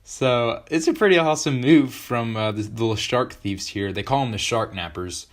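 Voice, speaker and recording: A teenage boy hosting a podcast, chatting in a joking, excitable way with lots of fillers. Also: medium pitch, normal speed. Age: teens. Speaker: podcast host. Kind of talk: casual podcast chat.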